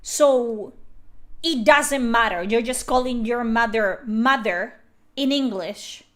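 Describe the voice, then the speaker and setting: A woman's voice: fairly high pitch, takes it slowly, fairly bright tone. A young woman streaming a game and ranting about it, exasperated and swearing freely. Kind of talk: game reaction commentary.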